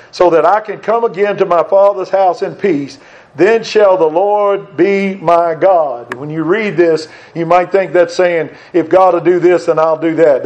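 An older man preaching a sermon in a high, light voice. He speaks earnestly and with emphasis, circling back on phrases to stress them. The recording sounds dull and lo-fi. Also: darkish tone.

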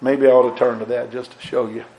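A man preaching a sermon, fervent and emphatic, repeating words and swinging between raised and hushed delivery. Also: mid-range voice, level tone, fast, a little hiss or hum, rough recording.

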